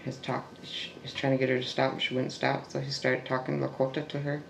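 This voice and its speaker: A man telling a family oral history in a halting way, full of restarts and trailing fillers, and sometimes dropping to a soft hush. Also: mid-range voice, monotone, vocal fry. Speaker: family storyteller. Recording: echoey room with faint background noise.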